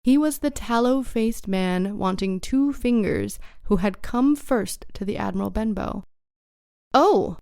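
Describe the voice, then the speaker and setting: A woman narrating an audiobook in a measured, even storytelling manner. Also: mid-range voice, creaky, clear, resonant tone, dry recording, clean studio sound. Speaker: audiobook reader.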